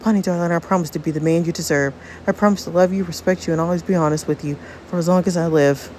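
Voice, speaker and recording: A woman's voice: lowish voice, fairly even intonation, fast, mellow, a little hiss or hum, close to an everyday voice. A woman voicing an earnest young man who speaks with an attempted southern drawl. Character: earnest young man proposing to his sweetheart.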